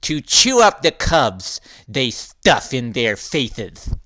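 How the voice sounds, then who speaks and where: A man's voice: medium pitch, big pitch swings, takes it slowly, sharp tone, exaggerated voice. A man voicing a young girl bear cub with braces who speaks with a lisp in a storybook reading. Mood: smug.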